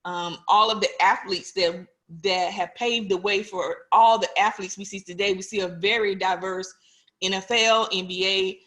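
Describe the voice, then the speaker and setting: A woman's voice: medium pitch, fairly even intonation, moderate pace, fairly bright tone. A woman in her forties, a police officer, giving an earnest, personal talk to an online audience and putting questions to them directly.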